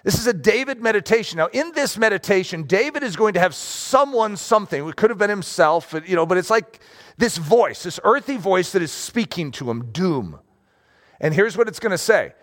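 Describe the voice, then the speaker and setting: A man preaching a sermon as pastor, conversational and animated, often checking in with his listeners. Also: high voice, a little fast.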